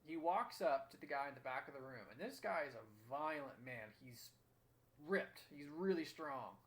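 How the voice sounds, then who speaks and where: A man's voice: a little high, lively intonation, moderate pace. A young man hosting a motivational talk, telling a story in an earnest, emphatic way. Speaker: host.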